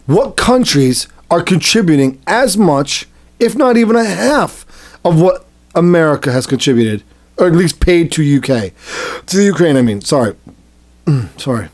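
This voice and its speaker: A satirical podcast co-host with a high-leaning voice and big pitch swings rants at a moderate pace, swearing freely and making crude jokes in casual chat.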